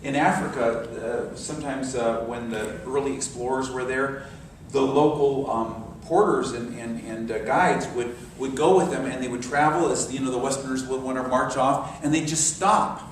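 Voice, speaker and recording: A man's voice: medium pitch, steady tone, moderate pace, few pauses, a little hiss or hum. Older minister in his 60s, storytelling sermon, very roomy sound, mic at a distance. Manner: storytelling, dropping to soft meditative tones. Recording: very echoey hall, mic far off.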